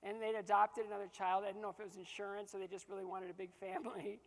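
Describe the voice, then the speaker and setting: A man's voice: high voice, flat delivery, fast, long reverb tail. A man giving a motivational keynote to a live audience. He tells stories, acts out the dialogue and laughs often. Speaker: motivational speaker.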